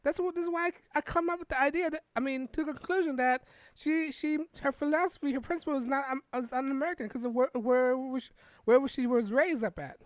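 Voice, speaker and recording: A woman's voice: sits high, steady tone, quick pace, no echo, studio quality. A woman hosting a podcast, giving casual political commentary while reading an article aloud, rambling with frequent restarts and tag questions. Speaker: podcast host.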